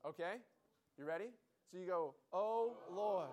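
Man, high voice, youth conference speaker, lively Bible lesson, call and response with the crowd. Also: brisk, heavy background noise. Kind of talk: Bible lesson with group exercise.

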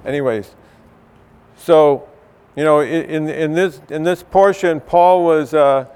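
A middle-aged man teaching in church in a loose, conversational way, full of fillers and restarts. His voice is smooth and resonant and sits a little high for a man. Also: slow, a little mellow. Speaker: church speaker.

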